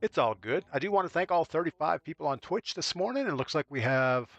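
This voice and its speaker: A man's voice: fairly high pitch, lively intonation, a little fast, no echo, lo-fi sound. A man chatting casually with his viewers while he plays and comments on a live game stream. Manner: chatty, talks straight to viewers between plays.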